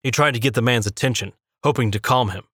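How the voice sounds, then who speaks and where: A man narrating a fantasy story in a steady, measured reading. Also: medium pitch, husky, dry recording, clean studio sound. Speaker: audiobook narrator.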